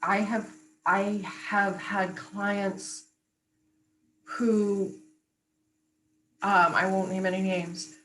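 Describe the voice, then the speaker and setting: A woman who works as a vocal coach, answering interview questions in a clear, articulate, explanatory way and laughing easily. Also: medium pitch, little pitch movement, very slow, pauses often, fairly bright tone, slight background noise, low-quality recording.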